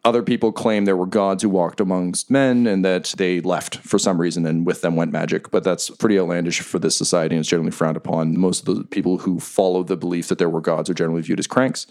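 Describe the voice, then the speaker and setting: A man runs a tabletop game, laying out scenes and lore in a relaxed, chatty way. His voice sits very low. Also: fast, few pauses. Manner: casual, describing scenes at length. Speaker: game master.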